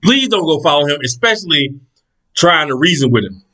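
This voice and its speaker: Sex: man. Role: storyteller. Style: casual storytelling monologue. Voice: fairly high and bright. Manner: animated, profane, acts out characters. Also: fairly quick, poor audio. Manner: animated, profane, acts out the people in his stories.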